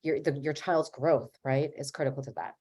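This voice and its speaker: A woman with a slightly low voice talks as a family therapist on a webinar panel. Her advice is earnest and explanatory. Now and then she acts out the lines a parent or a child might say. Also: steady tone, normal speed, a little mellow, slightly rough.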